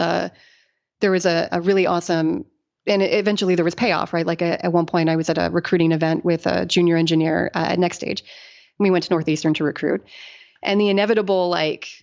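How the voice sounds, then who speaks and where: A woman's voice: on the low side, creaky, darkish tone. A middle-aged woman engineer, a podcast guest, telling stories in casual talk, laughing often and acting out the people she quotes. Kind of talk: casual interview storytelling. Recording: dull lo-fi podcast audio.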